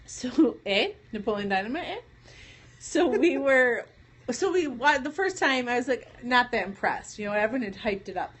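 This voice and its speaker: Woman, Michigan accent, slightly high voice, rambling and giggly live-stream host. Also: moderate pace, fairly bright tone, husky. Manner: rambling, chatty, laughs often. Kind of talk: casual live-stream chat.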